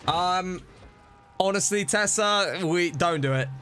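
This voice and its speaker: A man streaming a zombie game live, reacting excitably, scolding himself and thanking donors. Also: sits high, slow pace, slight background noise. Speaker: livestreamer. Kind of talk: live gameplay commentary. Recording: music playing behind voice. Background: game music and gunfire.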